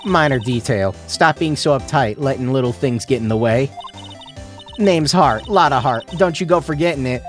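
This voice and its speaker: A man's voice: medium pitch, animated, normal speed, faint music behind, close to an everyday voice. A man voicing a brash, pushy woman photographer with a put-on Southern accent and a folksy, bossy drawl.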